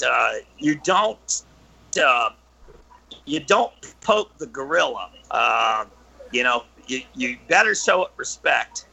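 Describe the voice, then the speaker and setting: High, gravelly, breathy-voiced man. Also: low-quality recording. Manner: halting, many fillers and restarts, animated when telling stories. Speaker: guest. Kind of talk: storytelling in casual chat.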